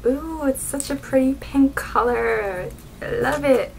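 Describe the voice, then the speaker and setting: A young woman vlogging as she unboxes beauty products, gushing and excitable. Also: high voice, takes it slowly, vocal fry, slight background noise, rough recording. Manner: gushing, excitable, keeps saying oh my god. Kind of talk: unboxing vlog.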